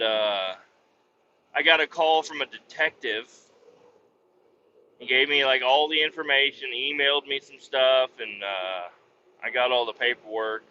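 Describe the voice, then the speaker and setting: Profane storytelling man, bright voice. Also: mid-range voice, highs cut off, slight background noise. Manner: profane, rambling anecdote with restarts. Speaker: podcast host. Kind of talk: casual storytelling.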